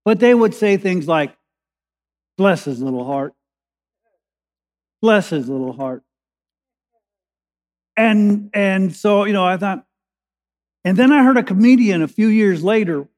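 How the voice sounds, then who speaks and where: With a high, darkish-toned voice, a male pastor preaches in a church sanctuary. He slows to emphasize crucial phrases and grows urgent as his points mount, while a long hall reverb lingers after his words.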